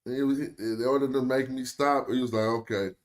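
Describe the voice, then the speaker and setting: A man's voice: mid-range voice, steady tone, fairly quick. A young American man with an African American accent, streaming casual, joking commentary in loose slang. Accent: African American English. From United States. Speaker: streamer host.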